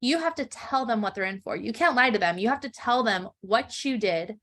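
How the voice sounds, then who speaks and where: An angry fairytale beast, male and grotesque, scolding a thief in a mock-indignant, storybook way, as a woman puts him on. The voice sits fairly high. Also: lively intonation, brisk, a bit bright. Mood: stern.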